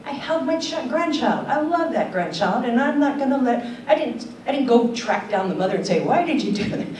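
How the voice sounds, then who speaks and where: A woman's voice: high voice, expressive, normal speed, a little mellow, a little hiss or hum. An older woman, a keynote speaker at a conference, talking earnestly and telling stories. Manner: earnest, questioning, tells stories. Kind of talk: conference talk. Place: conference hall. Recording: roomy hall audio from a distance.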